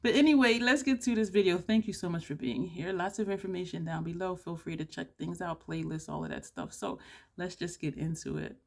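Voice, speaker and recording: A woman beauty vlogger chatting excitedly to camera, loud and playful, dropping "y'all" and the odd curse. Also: lowish voice, fairly quick, vocal fry. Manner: loud, excitable, says she is yelling; drawling, southern-style "y'all" chatter, playful cursing. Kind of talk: excited casual chat to camera.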